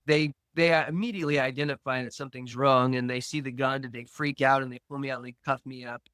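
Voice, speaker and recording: A man's voice: mid-range voice, steady tone, fast, a bit bright, clear, resonant tone, no echo, clean studio sound. A man recounting his past addiction as a podcast guest, telling it in present tense with quoted dialogue. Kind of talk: storytelling about addiction.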